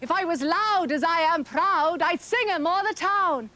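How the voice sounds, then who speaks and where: A woman's voice: very high voice, a little slow, pushed and bright, exaggerated voice. A woman voicing a proud, anxious mother who demands news of her sailor son, in a dramatic poetry recitation. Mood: pleading. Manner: insistent, pleading.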